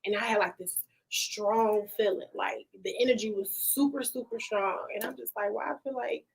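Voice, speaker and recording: A woman guest in a casual podcast chat, telling stories in an animated, heartfelt way with casual slang. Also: fairly high pitch, normal speed, gravelly, slightly rough, low-quality recording. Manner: animated storytelling with laughs; emotional, heartfelt.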